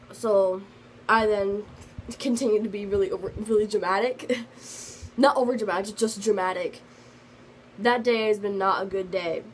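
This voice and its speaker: A woman's voice: medium pitch, a little hiss or hum, poor audio. A teenage girl telling a storytime vlog in a rambling, casual way, full of fillers, and slightly sick. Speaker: vlogger.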